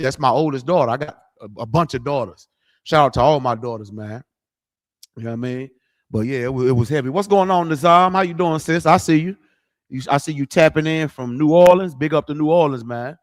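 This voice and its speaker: A man's voice: medium pitch, fairly quick. A middle-aged man preaching, blunt, profane and conversational, livestreaming to viewers. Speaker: street preacher.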